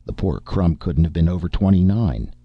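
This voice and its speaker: Intense male narrator for a first-person story, very deep gravelly voice, muffled lo-fi recording. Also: expressive, normal speed, no echo.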